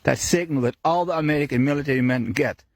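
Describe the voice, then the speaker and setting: Animated man ranting, dry close mic. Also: quick pace, dry recording. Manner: animated, swings pitch often, swears, laughs mid-sentence. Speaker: podcast host. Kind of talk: casual monologue.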